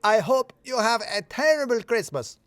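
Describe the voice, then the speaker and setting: A man voicing an uptight, furious male office freelancer who shouts in short clipped phrases. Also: very high-pitched, big pitch swings, moderate pace, no echo, pitched above the performer's own voice, heavily acted.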